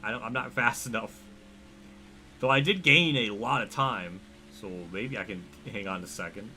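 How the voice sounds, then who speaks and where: Male racing-game streamer, Pennsylvania accent, mid-range voice with a crisp edge, rambling live commentary. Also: mid-range voice, normal speed, pushed and bright, slight background noise. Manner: rambling, self-deprecating, reacting to chat.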